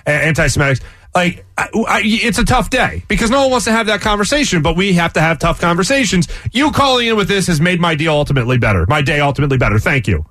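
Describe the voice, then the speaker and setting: A man hosting a talk radio show, playful and quick to laugh. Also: high voice, dry recording. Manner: lively, playful, laughs often. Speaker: radio host.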